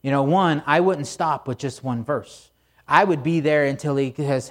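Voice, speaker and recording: A man's voice: a little high, moderate pace. A middle-aged man, a pastor, delivering a conversational sermon in a casual, storytelling way with frequent asides.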